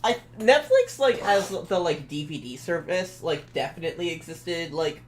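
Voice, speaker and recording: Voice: medium pitch, very animated, moderate pace, slight background noise. A young adult guest on a stream, chatting casually in rambling, stop-start sentences with some swearing. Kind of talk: casual chat.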